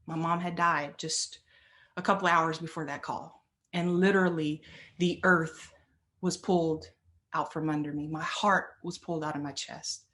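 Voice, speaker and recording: A woman's voice: deep voice, steady tone, moderate pace, fairly bright tone. A woman giving an earnest motivational talk, telling a personal story and building on repeated phrases. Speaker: motivational speaker.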